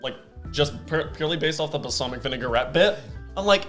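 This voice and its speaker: A man's voice: a little high, expressive, fairly quick, a bit bright, faint music behind. A young man in casual chat, easygoing, mostly short replies and musings. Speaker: podcast co-host. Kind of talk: casual chat about anime.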